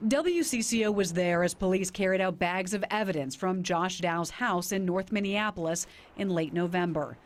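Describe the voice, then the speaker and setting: A woman reporter narrating a television news story in a measured, even delivery. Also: lowish voice.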